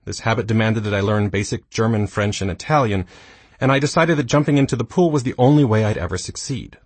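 Husky low-voiced man narrating nonfiction. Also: quick pace, no room sound. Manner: dry, self-mocking humor. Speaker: audiobook narrator.

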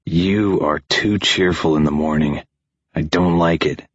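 A man's voice: a bass voice, fairly even intonation, a little slow, no room sound, highs cut off. A man voicing a sleepy young man who is grumpy and ashamed, slurring and mumbling.

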